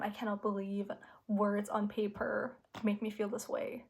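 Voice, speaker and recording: A young woman vlogging about her reading, excitable and gushing, sometimes dropping to a nervous whisper. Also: medium pitch, normal speed. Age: young adult. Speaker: book vlogger. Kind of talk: casual vlog talk to camera.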